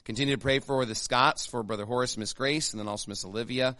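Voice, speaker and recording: A man's voice: mid-range voice, steady tone, fast, pushed and bright, dry recording. A man, a pastor giving church announcements in a casual, chatty way with many fillers and restarts. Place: church sanctuary.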